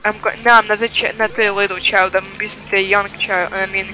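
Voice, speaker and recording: A woman's voice: medium pitch, flat delivery, a little fast, rough recording. A woman chatting chaotically with friends while playing a game, bursting into dramatic shrieks and mock crying. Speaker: gamer. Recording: game music playing behind.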